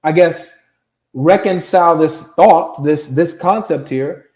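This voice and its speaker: A man's voice: fairly high pitch, slow pace, a little mellow. A man in a debate pressing his point with precise, pointed questions. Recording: roomy echo.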